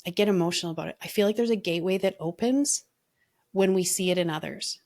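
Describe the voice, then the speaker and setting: A woman's voice: fairly low pitch, fast talker, darkish tone. A woman leadership coach talking in an earnest, reflective way, telling stories in a casual podcast conversation.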